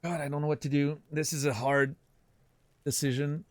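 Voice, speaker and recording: Deadpan man streaming a game. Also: on the high side, moderate pace, no echo. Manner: deadpan humor, thinking out loud. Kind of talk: casual gameplay commentary.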